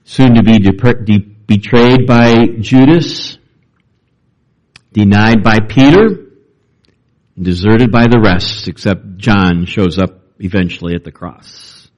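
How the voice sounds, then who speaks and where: A man preaching a sermon as pastor, reading scripture and talking it through with lively emphasis. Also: slow pace, muffled recording. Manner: animated, acts out quoted voices with rising pitch.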